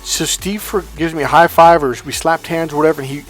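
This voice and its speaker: A man's voice: a little high, fairly even intonation, fairly quick, soft background music. A man coaching as a motivational speaker, telling a story in a casual, slangy way with plenty of swearing. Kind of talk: storytelling monologue.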